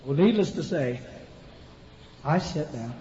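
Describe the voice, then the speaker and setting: A man's voice: on the high side, expressive, a little slow, warm tone. A man preaching, telling a humorous story in a folksy way, often repeating himself and talking straight to his listeners. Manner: folksy, repetitive, addresses audience directly. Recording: echoey hall, dull lo-fi sound, faint noise.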